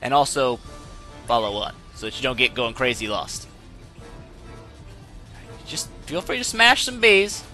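Excitable young gaming host, bright and high-ish, talks over soft game music. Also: male voice, moderate pace, long pauses. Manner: excitable, yelps and laughs when in trouble. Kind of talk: let's play commentary.

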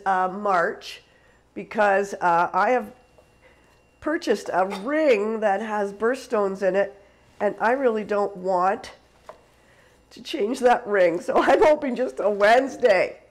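A woman's voice: mid-range voice, poor audio. A woman from Canada hosting a live cooking stream in a casual, chatty way, laughing often and answering viewers as she cooks. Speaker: cooking show host.

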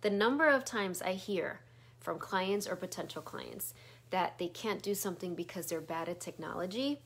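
Middle-aged woman, spiritual teacher, soft meandering delivery with whispered asides. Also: lowish voice, lively intonation, normal speed, slightly rough. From Chicago area. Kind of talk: guided spiritual talk.

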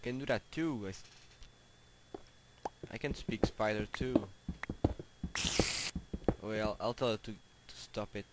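Man, gameplay commentary, slow delivery, chatty, exasperated, home recording with audible background noise. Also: on the low side. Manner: chatty, exasperated, talks to game animals. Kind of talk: casual gaming commentary.

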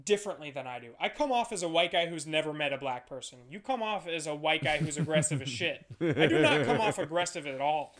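Profane, rambling comedian man, slightly high. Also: lively intonation, fast talker, few pauses, a bit bright. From Ohio, USA. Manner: loose, profane, self-mocking. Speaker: podcast co-host, comedian. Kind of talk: casual drunken podcast banter.

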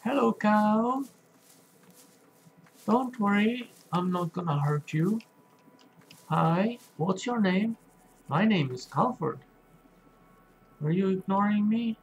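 Faint music plays behind this low-quality clip of a high-pitched, expressive man. He's a children's game streamer, gently narrating his gameplay in slow, simple language and putting questions to the young kids watching.

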